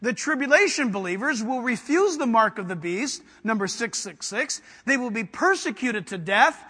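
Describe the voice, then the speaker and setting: A man's voice: extremely high pitch, animated, normal speed, bright, forceful tone, breathy edge. A man preaching a sermon to his congregation with fervent emphasis, putting questions to them and waiting for answers. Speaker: pastor. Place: church sanctuary. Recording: long hall reverb.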